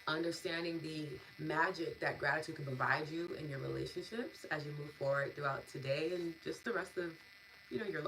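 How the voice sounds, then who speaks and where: Low voiced lady thanking her stream chat, bubbly and giggly, bit of hiss behind her. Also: poor audio. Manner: warm, gushing, laughs often, lots of fillers. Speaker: EFT and meditation host. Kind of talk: live-stream wrap-up, reading chat comments.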